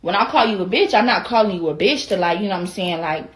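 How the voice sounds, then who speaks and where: A woman's voice: medium pitch, lively intonation, quick pace. A young woman with an Atlanta Southern accent telling a casual, profane storytime rant, acting out the other people's lines in quoted voices. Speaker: vlogger.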